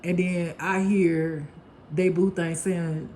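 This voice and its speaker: A mellow, warm voice delivers a casual spiritual tarot reading with plenty of bluntness and swearing. The reader laughs easily and slips in quick acted-out snippets of other people's talk. A faint hum of noise sits behind the voice. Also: medium pitch, flat delivery. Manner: blunt, profane and laughing, acting out gossip.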